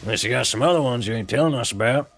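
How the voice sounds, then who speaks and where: A man doing a drawling American cowboy outlaw voice, rough and folksy, scolding a companion in a game. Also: medium pitch, racing, soft background music, pitched above the performer's own voice, lightly acted. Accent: American Western drawl, put on. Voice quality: drawling, rough country grammar.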